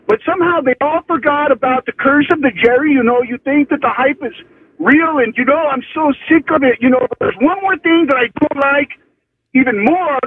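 A man's voice: very high-pitched, a little hiss or hum. A man calling into a radio show, rambling from one point to the next over the phone. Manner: rambling, wandering. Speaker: caller. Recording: tinny phone line.

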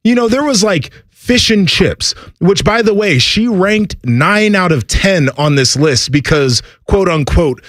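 A man's voice: high-pitched, expressive, unhurried, fairly bright tone, no room sound, clean studio sound. A man co-hosting a radio show, telling a story in casual banter and sounding incredulous about food.

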